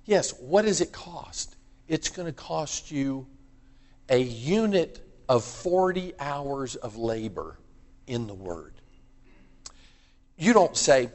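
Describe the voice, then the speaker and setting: A male preacher delivers a sermon in an easygoing but emphatic manner, asking his listeners questions and pressing his points home. His voice sits at an ordinary male pitch. It carries a long reverb from a large hall. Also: very animated, unhurried. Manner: conversational, emphatic, asks the audience questions.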